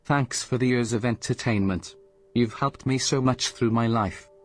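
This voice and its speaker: A man's voice: medium pitch, moderate pace. Synthetic male donation-reading voice. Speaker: text-to-speech donation reader.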